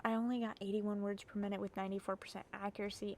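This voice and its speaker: A woman's voice: mid-range voice, level tone, fast talker, a little mellow, a little hiss or hum. A sleepy woman vlogging casually about her keyboard, rambling and giggly, poking fun at herself. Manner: rambling, giggly, self-mocking.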